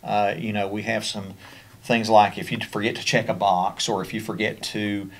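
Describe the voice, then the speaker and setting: A man's voice: fairly low pitch, flat delivery, normal speed. A man with a Kentucky accent presenting a special education training over slides, in a conversational way with frequent fillers and restarts.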